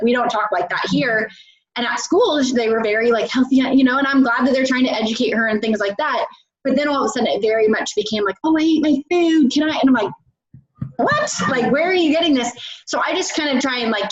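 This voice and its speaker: A woman dietitian coaching parents on a live call, chatty, with many "like"s and restarts. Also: fairly high pitch. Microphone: video call. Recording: roomy, muffled call audio.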